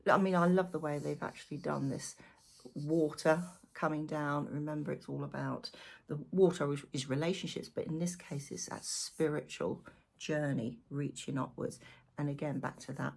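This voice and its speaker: Speaking in a low-pitched, creaky voice, this tarot reader chats animatedly to camera during a casual weekly reading, musing aloud as she goes through each card.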